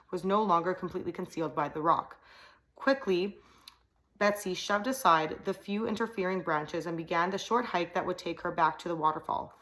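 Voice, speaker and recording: A woman reading a novel aloud at a steady pace, now and then slipping over a word. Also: fairly low pitch, poor audio. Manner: steady reading with small slips. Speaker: audiobook reader.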